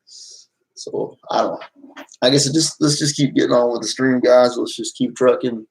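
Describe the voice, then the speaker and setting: Gravelly-voiced streamer venting to chat. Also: male voice, medium pitch, fairly even intonation, moderate pace, rough recording. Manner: rambling, agitated then apologetic, many restarts. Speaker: live streamer. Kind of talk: casual live-stream talk to chat.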